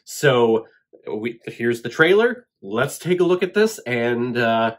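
A man hosting a casual movie reaction, talking in an excitable, gushing, emotional way. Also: mid-range voice, slow. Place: home room with shelf behind.

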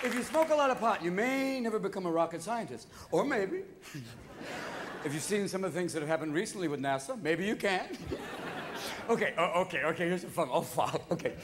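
A man doing live stand-up comedy on a theater stage, manic and rapid-fire with lots of cursing. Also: high-pitched, animated, crowd noise, background noise. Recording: live theater audience laughing.

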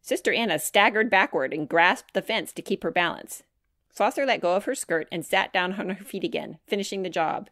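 A woman reading her own children's chapter book aloud, narrating in a clear, measured way. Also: mid-range voice, lively intonation, a bit bright, dry recording, studio quality.

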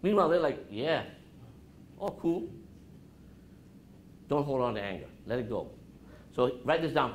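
Animated man lecturing a college class. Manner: animated, asks the audience questions, drops his voice low to show calm. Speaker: guest speaker at a college business class. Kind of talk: interactive talk to students. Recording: roomy classroom with faint noise.

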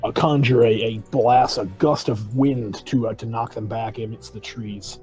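A man's voice: mid-range voice, steady tone, normal speed, a little mellow, faint music behind. A man playing a tabletop game, stammering and restarting as he declares his character's actions. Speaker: player.

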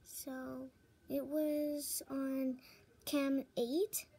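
A young woman giving gameplay commentary into a tablet microphone held close, dropping to a whisper and then breaking into loud frightened outbursts. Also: sits high, level tone, drawn-out words. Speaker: gamer.

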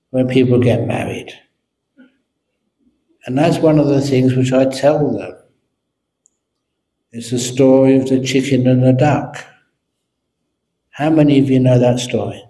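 A Buddhist monk teacher with a mellow, mid-range voice answers questions at an evening talk, using humor and playful storytelling. The meditation centre hall he speaks in sounds echoey.

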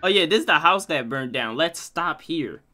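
Young male let's play host, crude, jokey, slightly high voice, game music behind. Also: animated, moderate pace, bright, forceful tone. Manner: profane, joking, trash-talking. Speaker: gaming channel host.

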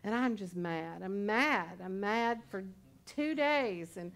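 A woman's voice: mid-range voice, lively intonation, takes it slowly, fairly bright tone. A woman pastor in her sixties preaching a sermon in a conversational, storytelling way with humorous asides. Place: church service.

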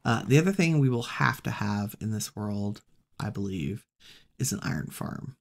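A woman hosting a relaxed let's-play, musing aloud and chatting to the animals she meets in the game. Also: rumbling low, normal speed, creaky. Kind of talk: relaxed gameplay commentary.

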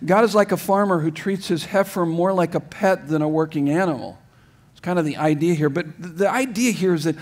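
A middle-aged male pastor preaching a sermon, emphatic, going from loud urging to soft, hushed lines and often restarting his phrases. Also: on the high side, brisk. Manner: repeats words and restarts phrases. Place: church sanctuary.

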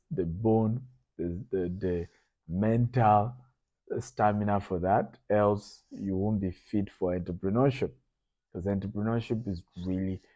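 A middle-aged man from Nigeria talks entrepreneurs through a business lesson in a low, mellow, husky voice. He keeps it conversational and repeats his points for emphasis. The sound is close and dry. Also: dry recording. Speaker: business lecturer. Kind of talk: lecture to entrepreneurs.

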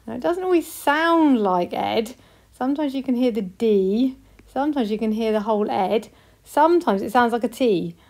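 A woman with a British accent teaching a recorded spelling lesson to young children, speaking slowly and clearly with encouragement. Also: on the high side, animated, darkish tone. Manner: slow, clear, encouraging, models example sentences. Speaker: primary school teacher.

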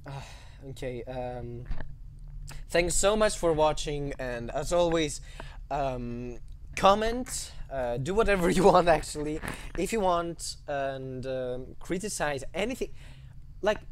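A man's voice: fairly high pitch, lively intonation, takes it slowly, a little hiss or hum. A man hesitantly commenting on a horror game, with lots of fillers, yelping and swearing at the scares. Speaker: let's play gamer.

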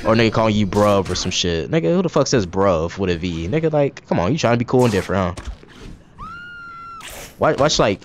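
A man's voice: lowish voice, sing-song, brisk. A man giving casual, profane gameplay commentary, trash-talking enemies and rambling in asides with frequent restarts. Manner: profane, reactive trash talk at the game. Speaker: gaming channel host.

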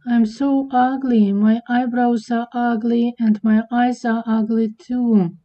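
A woman's voice: on the high side, flat delivery, slow. A woman voicing an insecure cartoon wife who talks in a self-pitying way. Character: insecure wife fishing for compliments. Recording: dull lo-fi recording.

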